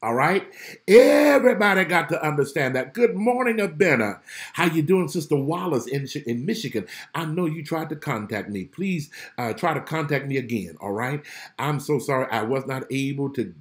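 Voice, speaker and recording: Male preacher, fairly high, very animated delivery, emphatic repetition, greets viewers by name mid-sermon. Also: normal speed. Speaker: pastor. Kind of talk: livestream Bible study sermon.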